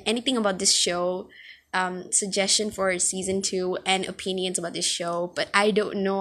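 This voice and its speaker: A woman's voice: mid-range voice, a bit bright. A woman hosting a casual solo podcast from home, talking in a hesitant way and often tripping over her words. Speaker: podcast host.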